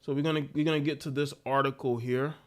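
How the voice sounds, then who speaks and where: A man's voice: mid-range voice, fast. A man hosting a livestream, ranting in casual commentary with repeated phrases and laughs. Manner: animated, repetitive ranting with laughs. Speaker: livestream host.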